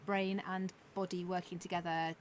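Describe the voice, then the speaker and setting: A woman's voice: lowish voice, little pitch movement, moderate pace, a little hiss or hum. A woman, a forest school leader, talking candidly and chattily on a podcast with lots of fillers. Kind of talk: casual podcast chat.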